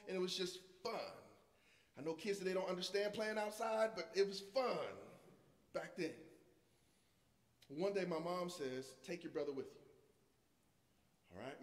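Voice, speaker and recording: Preacher man, echoing church hall. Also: high voice. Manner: dynamic storyteller, swinging from loud to hushed. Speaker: guest preacher. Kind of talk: sermon with personal storytelling. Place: church sanctuary. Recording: echoey church hall with long reverb.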